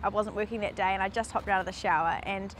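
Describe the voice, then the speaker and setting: A woman, a reporter recounting events in an interview in a measured way. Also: medium pitch, fairly even intonation, a little hiss or hum. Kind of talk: recalled interview testimony.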